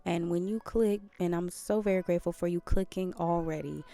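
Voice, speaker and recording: A woman's voice: fairly low pitch, fairly quick, mellow, soft background music. A woman hosting a podcast, talking earnestly in a casual motivational monologue and repeating phrases for emphasis. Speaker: podcast host.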